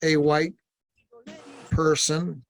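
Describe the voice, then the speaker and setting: Male podcast co-host, voice a bit high, blunt and exasperated. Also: little pitch movement, drawn-out words, dry recording. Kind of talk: comedic podcast banter.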